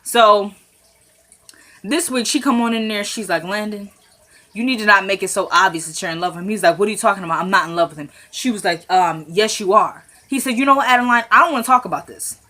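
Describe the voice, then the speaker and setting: Woman, casual TV recap vlogger; bright, crisp tone; chatty, retells scenes line by line, animated asides to viewers. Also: mid-range voice. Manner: chatty, retells scenes in quick paraphrased dialogue; addresses viewers as "y'all", rising into animated commentary. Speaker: TV episode recapper.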